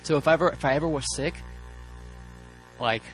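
A man preaching a sermon, telling personal stories in a casual, joking, animated way with many fillers and restarts. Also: fairly high pitch, a little fast, soft background music.

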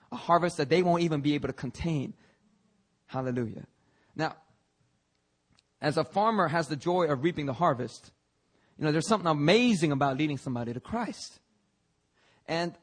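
Husky young preacher, fervent sermon. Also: male voice, a little high, fairly quick. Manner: fervent, often interjects "hallelujah". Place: church sanctuary.

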